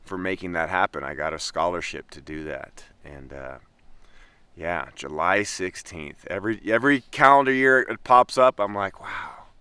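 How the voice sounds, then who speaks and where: A young man vlogging from his tent, telling a story in a lively, casual way and laughing often. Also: sits low, normal speed, clean tone, no echo. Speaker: travel vlogger. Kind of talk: casual vlog monologue. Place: tent in the wilderness.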